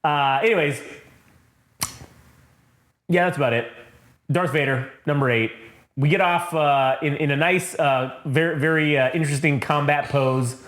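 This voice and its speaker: A man co-hosts a comic-book podcast, chatting loosely, swearing a lot and poking fun at himself. His voice is fairly high, a bit bright and a little slow with frequent pauses, recorded in a roomy, echoey space.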